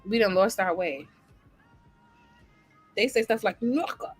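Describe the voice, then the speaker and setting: A woman hosting a casual chat, chatty and animated, often laughing. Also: medium pitch, slow, slightly rough, soft background music. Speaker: host.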